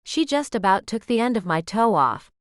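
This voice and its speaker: A sweet, soothing woman with a Southern US drawl narrates in first person. Her voice is clear and smooth, lively in pitch, recorded dry and close. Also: normal speed, dry recording. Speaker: audiobook narrator. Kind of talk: scripted narration.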